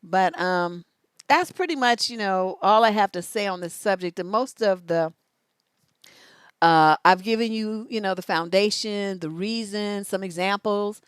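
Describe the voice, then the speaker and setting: A woman relationship coach giving casual live-stream advice, sassy and animated, laughing often as she talks. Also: mid-range voice, unhurried, clear, resonant tone, dry recording, clean studio sound.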